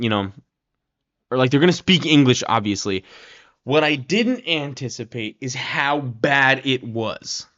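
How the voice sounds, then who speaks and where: A man at a middling pitch rants through a film review in a loose, casual way. He keeps circling back with "like" and "right?" and swears freely. The recording sounds a little dull and lo-fi. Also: fairly bright tone.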